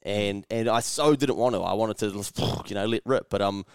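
A New Zealand man in casual podcast chat who swears freely and slips into other people's voices mid-story. His voice is smooth and resonant, recorded close and dry. He talks at an everyday pitch. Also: moderate pace, no room sound. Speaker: podcast co-host.

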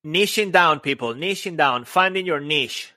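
A man's voice: fairly high pitch, animated, moderate pace, sharp tone, dry recording. A man co-hosting a podcast in casual banter, playful and often stumbling over repeated words. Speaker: podcast co-host.

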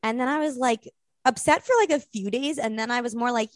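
A woman's voice: a little high, a little fast, no echo, studio quality. A young woman, a podcast guest, telling a rambling story in casual chat and acting out the quotes.

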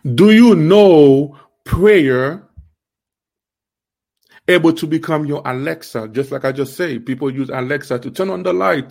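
Man, accented speech, livestream preaching, emphatic, rhetorical questions, halting restarts. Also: animated, vocal fry, darkish tone. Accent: non-native accent. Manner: halting restarts, rising pitch when stressing. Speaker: host of an online faith series.

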